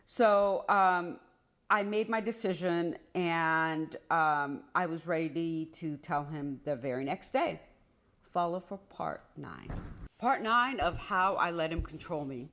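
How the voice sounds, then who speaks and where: A woman's voice: deep voice, takes it slowly. A woman telling her own relationship story in a casual storytime, acting out the quoted lines. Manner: animated, acts out quoted dialogue.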